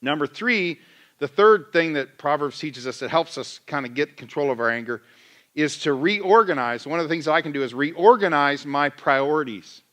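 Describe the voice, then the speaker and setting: A man in middle age preaches to his church in a loose, chatty sermon style. His voice sits a little high and rings bright and forceful. He slips into playful re-enactments of his own griping to make a point. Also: animated, normal speed. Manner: conversational, self-deprecating, acts out his own rants. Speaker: pastor.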